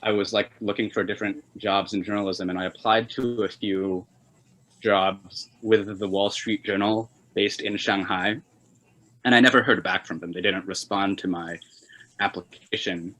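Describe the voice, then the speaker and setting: A young man from China, a polyglot journalist, answering interview questions in a relaxed way, with lots of fillers and chuckles while telling stories. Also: on the low side, normal speed, poor audio. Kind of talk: casual interview conversation.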